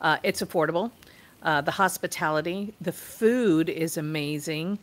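A woman's voice: sits low, normal speed. A woman guest answering interview questions in an easygoing way, listing things. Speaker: guest, travel writer.

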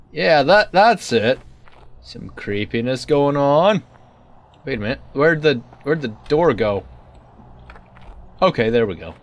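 A man's voice: medium pitch, very animated, unhurried. A young man giving rambling, joking commentary on a horror game he plays, slipping into a put-on hillbilly drawl. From United States. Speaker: let's play gamer.

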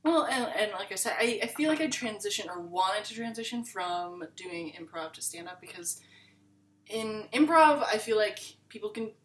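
A woman's voice: mid-range voice, expressive, normal speed, roomy sound, distant mic. A woman comedian chatting as a guest in a casual interview, laughing often and trailing off with fillers.

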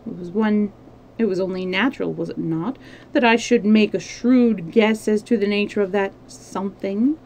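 A woman voicing a cold, sarcastic French male agent in a storybook reading, speaking quietly and placidly. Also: mid-range voice, moderate pace, close to an everyday voice, rough recording.

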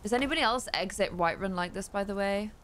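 A woman's voice: mid-range voice, fast, a bit bright, a little hiss or hum. A young woman giving chatty, playful let's-play commentary into a desk mic, with giggly exclamations. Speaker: gaming streamer.

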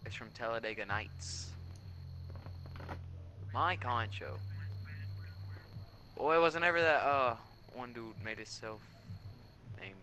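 A man's voice: medium pitch, animated, slow, pauses often, bright, forceful tone, a little hiss or hum, low-quality recording. A man chatting casually while gaming, joking, laughing and singing the same line again and again. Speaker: gamer.

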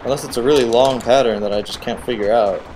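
Excitable man commenting on gameplay. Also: mid-range voice, fast talker, noisy background. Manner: excitable, talks to the game character. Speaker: let's play host.

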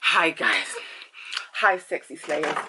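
A woman's voice: sits low, slow, background noise. A woman from Ghana hosting a casual vlog, talking animatedly and now and then dropping to a whisper. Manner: animated, drifts into whispers and singing. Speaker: host.

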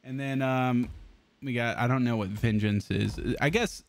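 A man talking to his viewers while he plays a game. He chats loosely at a middle pitch, swears freely and laughs often between lines. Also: steady tone, moderate pace, a little hiss or hum. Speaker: game streamer. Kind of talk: casual live-stream chat.

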